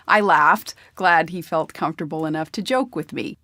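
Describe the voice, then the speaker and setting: A woman's voice: low-pitched, moderate pace, sharp tone, no echo, clean studio sound. A woman narrating a memoir audiobook in a plain, conversational storytelling manner.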